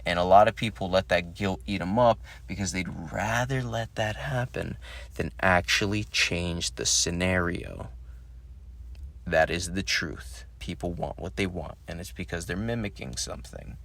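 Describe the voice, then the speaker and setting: A man's voice: sits low, a little slow, gravelly, fairly bright tone. A man hosting a solo podcast, talking in a rambling monologue that searches for words and swears casually. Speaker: podcast host.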